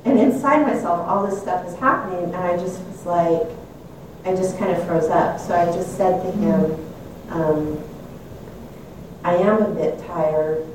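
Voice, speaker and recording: A woman's voice: fairly low pitch, normal speed, background noise. An older woman telling a personal story in a reflective, candid way, often laughing at herself. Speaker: speaker sharing a personal story. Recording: echoey room, mic at a distance.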